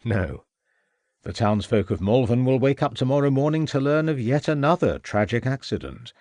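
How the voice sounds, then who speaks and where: A man voicing a scheming, murderous Victorian gentleman who gloats and sneers at the inspector. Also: medium pitch, big pitch swings, moderate pace, no room sound, voice pushed up, natural voice. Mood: gloating.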